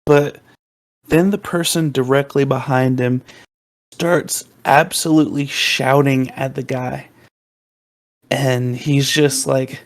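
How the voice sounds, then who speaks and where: A man's voice: medium pitch, steady tone, slow pace. A young man, a podcast co-host, telling a story casually and rambling with lots of fillers.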